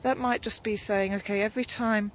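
A woman reverend giving a gentle, musing devotional reflection, a bit out of breath after a morning walk outdoors, with frequent ums and restarts. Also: mid-range voice, steady tone, brisk, slight background noise. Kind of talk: informal spoken devotional reflection.

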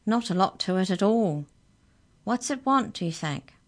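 A woman voicing a tall female giant pastry cook with a high, booming voice in a storybook reading. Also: lively intonation, normal speed, natural voice.

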